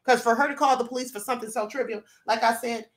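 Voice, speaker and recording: Indignant woman host, slightly high voice. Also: fairly even intonation, quick pace. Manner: indignant, emphatic, rhetorical questions. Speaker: show host and commentator. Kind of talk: casual commentary.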